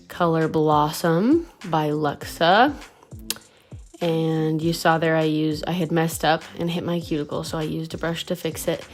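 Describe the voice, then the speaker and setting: A woman with a lowish voice walks through a home tutorial at an unhurried, easy pace. She is chatty and friendly and a little breathless, and faint music plays behind her. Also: a little mellow. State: slightly out of breath. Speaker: home nail tutorial host. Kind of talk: casual how-to narration.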